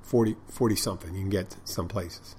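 A man's voice: sits low, fairly even intonation, brisk, warm tone, slight background noise. A man who tends bar and hosts a podcast, telling stories in a rambling, profane, casual monologue with many restarts. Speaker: bartender and podcast host.

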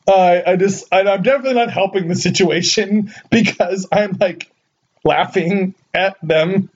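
Young guy from socal telling a funny story, high voice, lots of likes, kinda muffled audio. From Southern California. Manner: animated, laughing storyteller with filler "like". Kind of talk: casual chat.

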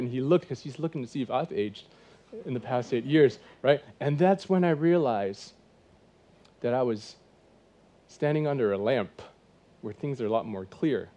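Speaking at a moderate pace with a warm tone and medium pitch, a man in his forties preaches a church sermon. As pastor, he keeps it conversational and asks plenty of rhetorical questions.

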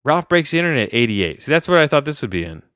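A young adult man reviewing a film in casual chat, rambling, often cutting himself off and getting excited. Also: a little high, fast, clear, resonant tone, no room sound, clean studio sound. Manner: rambling, self-interrupting, easily excited. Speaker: podcast movie reviewer.

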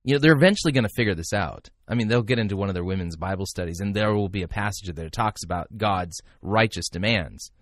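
A man's voice: on the low side, fast talker, hardly any pauses, dry recording. A man giving critical, sarcastic commentary on a sermon clip, into a close mic. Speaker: commentary host reviewing a sermon.

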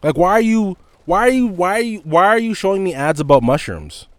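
A young man rants through his solo podcast, swearing freely and sounding fed up. His pitch swings widely as he gets worked up, and the sound is close and dry. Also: brisk, no echo. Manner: profane, exasperated, animated ranting with laughs. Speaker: podcast host. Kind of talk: casual solo rant. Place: indoors with heavy rain outside.

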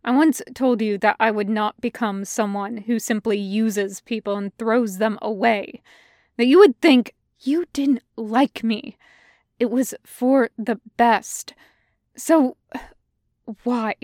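A woman reading the lines of an angry, proud young nobleman in a fan audiobook, sharp and scolding. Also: mid-range voice, fairly even intonation, measured pace, few pauses, no echo, studio quality, natural voice. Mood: bitter.

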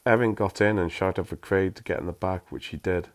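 A very deep-voiced man reads a story aloud. He drops into dry, self-mocking asides between passages. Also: a little fast.

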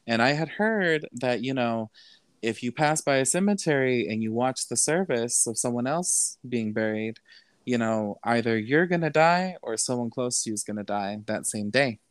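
A man's voice: medium pitch, lively intonation, normal speed, clean tone, dry recording. A man, a podcast guest telling a personal story in a casual, earnest way, switching between English and Spanish with plenty of "you know". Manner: earnest, emotional retelling.

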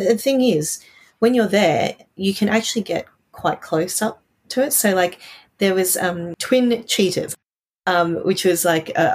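A woman's voice: lowish voice, breathy edge. A woman co-hosting a casual podcast, talking about her trips with audible, smiling enthusiasm. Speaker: podcast co-host. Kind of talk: casual chat.

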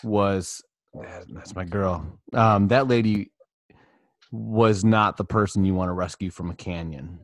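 A man's voice: low-pitched, measured pace, dry recording. A man co-hosting a podcast, joking in a loose, offhand and profane way. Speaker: podcast co-host. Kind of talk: casual podcast chat.

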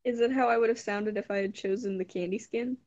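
A woman's voice: mid-range voice, fairly even intonation, fast talker, darkish tone, muffled recording. A woman co-hosting a podcast in casual chat, dropping dry, playful quips. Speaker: podcast co-host.

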